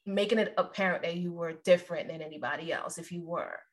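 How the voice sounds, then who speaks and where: A woman's voice: lowish voice, fast. A woman co-hosting a podcast in casual chat, meandering and chatty, with asides to the listeners. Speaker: podcast co-host.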